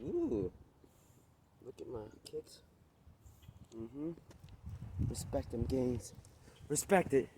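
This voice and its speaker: A man's voice: medium pitch, lively intonation, drawn-out words, long pauses, noisy background. A man vlogging while walking outdoors, talking into a phone on a selfie stick, brash, boastful and profane, and out of breath. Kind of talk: casual walking vlog. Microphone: phone camera on a selfie stick.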